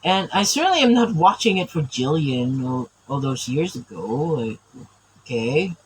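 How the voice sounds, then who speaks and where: A man's voice: a little high, sing-song, moderate pace, slight background noise, rough recording. A man chatting casually while he draws, rambling and stammering with frequent laughs. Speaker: artist drawing on camera. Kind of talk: casual chat while drawing.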